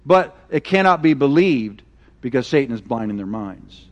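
A middle-aged man preaching a sermon, telling stories with animated, acted-out quotes. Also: medium pitch, moderate pace. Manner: animated storytelling, acting out quoted voices. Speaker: pastor.

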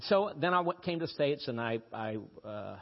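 A man from Brazil with a slight British-tinged accent, preaching a sermon in a storytelling way with sudden rises in pitch for emphasis. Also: very animated, moderate pace. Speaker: pastor. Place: church. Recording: dull lo-fi audio with long church reverb.

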